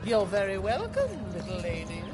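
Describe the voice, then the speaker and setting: A woman's voice: mid-range voice, huge pitch swings, moderate pace, over loud music. An actress voicing a snooty aristocratic lady in a video game, prim, mannered and disdainful. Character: snooty aristocratic lady, adult, obsessed with titles.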